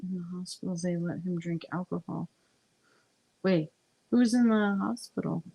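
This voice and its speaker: A woman's voice: on the low side, moderate pace, creaky, warm tone, slightly rough. A woman chatting as a guest on a gossip livestream, exclaiming and laughing in disbelief. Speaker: panel guest. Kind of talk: casual gossip chat.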